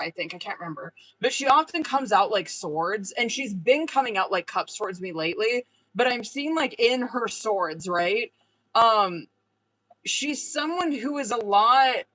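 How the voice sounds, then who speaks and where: A woman's voice: medium pitch, a bit bright, poor audio. Woman doing tarot on a livestream, swears a lot, super casual, lots of likes and you know what i means. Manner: casual, swears often, filler-heavy. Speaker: tarot reader. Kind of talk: live-stream tarot reading.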